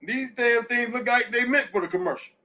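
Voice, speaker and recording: A man's voice: extremely high pitch, brisk, bright, forceful tone. A middle-aged man hosting a casual live audio chat, blunt and profane as he tells stories. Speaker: host.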